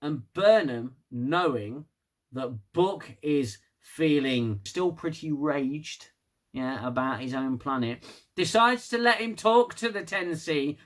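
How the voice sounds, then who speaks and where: A man's voice: on the high side, a bit bright. A man giving a casual, sarcastic, sweary solo review of a TV episode.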